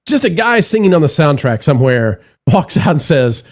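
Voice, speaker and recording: Panel host, male, slightly high voice, chatty with restarts. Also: big pitch swings, normal speed. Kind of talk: casual panel chat.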